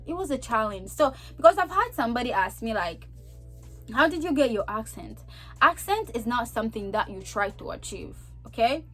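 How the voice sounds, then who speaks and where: A young woman from Zambia with a Zambian accent, talking casually and animatedly to her vlog audience, repeating herself and laughing often. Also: fairly high pitch. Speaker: vlogger. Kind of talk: casual chat to camera.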